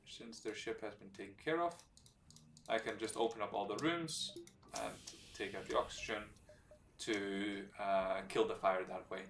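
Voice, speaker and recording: A man streaming a strategy game live, explaining its mechanics as he plays, relaxed and hesitant with many fillers. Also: on the low side, normal speed, slight background noise. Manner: explains game mechanics while thinking aloud. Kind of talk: live gameplay commentary. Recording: roomy sound from a distant mic, faint background music.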